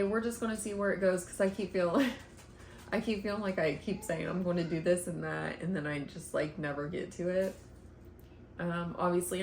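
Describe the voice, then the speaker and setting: A young stay-at-home mom chats casually to camera indoors at home, rambling and often laughing and sighing. Her voice sits on the low side, in an echoey room with a little hiss or hum.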